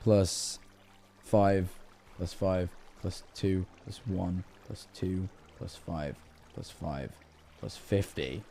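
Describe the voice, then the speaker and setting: A man's voice: low voice, drawn-out words, vocal fry, warm tone, slight background noise. A young man hosting a live stream, chatting in a laid-back way and muttering through numbers as he reads donations. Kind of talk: casual live-stream chat.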